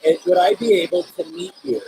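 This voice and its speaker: High-voiced man questioning spirits live. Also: dark tone, slight background noise, rough recording. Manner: halting, curious questions with restarts. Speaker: host of a live paranormal show.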